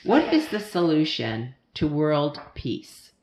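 Speaking into a studio microphone in a roomy, echoey room, a woman interviews children with playful questions and frequent laughter in a casual Q&A. Her voice sits low, with big pitch swings, a slow pace, and a slightly mellow tone.

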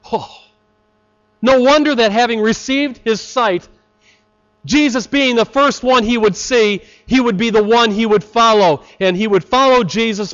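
A man preaching a sermon, slow and deliberate, with dramatic pauses. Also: high-pitched, fairly bright tone, smooth. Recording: slightly dull lo-fi recording.

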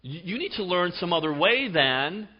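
A man's voice: high-pitched, very animated, moderate pace. A man voicing God as blunt and fed up, scolding wearily within a sermon. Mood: exasperated. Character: God, exasperated, gruff and fed up. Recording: dull recording with long hall reverb.

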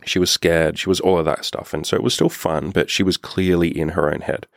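A man's voice: low-pitched, steady tone, brisk, creaky, dry recording, clean studio sound. A man who works as a dating coach, telling a casual, profane story full of fillers.

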